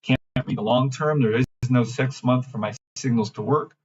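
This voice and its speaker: A man hosting a trading livestream, ranting in a brash, mocking, profane way and swinging between loud outbursts and low mumbling. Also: normal speed, lo-fi sound. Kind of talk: live-stream rant and chart reading.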